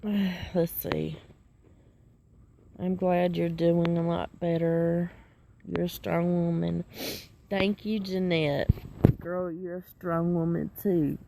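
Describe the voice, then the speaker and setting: A woman's voice: fairly low pitch, flat delivery, takes it slowly, gravelly, pauses often, warm tone, a little hiss or hum. A woman, talking emotionally to a support group in a live video, swearing often and laughing through tears. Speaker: benzo withdrawal group member.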